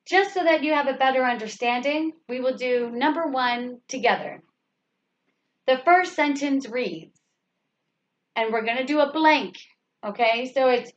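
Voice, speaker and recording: A woman's voice: high voice, measured pace, long pauses. A woman teaching an English grammar lesson, patiently repeating example sentences and asking rhetorical questions. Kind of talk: slow grammar lesson explanation. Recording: slightly dull lo-fi recording.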